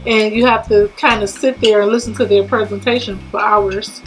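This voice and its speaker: A woman's voice: mid-range voice, fairly even intonation, moderate pace, soft background music, poor audio. A woman co-hosting a casual travel chat, chiming in with short agreements. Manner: supportive, frequent short agreements. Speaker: co-host.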